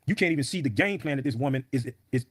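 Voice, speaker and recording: A man's voice: medium pitch, expressive, quick pace, husky, no echo. A man in an interview, telling a story in a blunt, emphatic, often profane way. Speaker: podcast guest.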